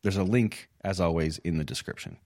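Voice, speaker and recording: A man's voice: low voice, animated, fairly quick. A man hosting a podcast, reading a short, friendly announcement to listeners. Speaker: podcast host.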